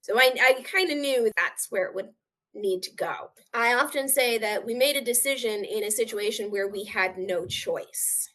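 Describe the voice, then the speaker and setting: Woman, interview guest with a fairly high voice, sharing a hard personal story in an earnest, open way. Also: moderate pace, a bit bright. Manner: earnest, acts out quoted voices.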